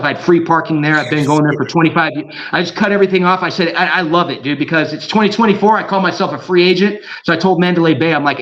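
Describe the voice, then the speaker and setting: A man from Southern California, a podcast guest, chatting casually in an excited, rambling way full of slang. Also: a little high. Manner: excited, rambling, slangy, mimics others in quoted voices. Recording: dull lo-fi audio.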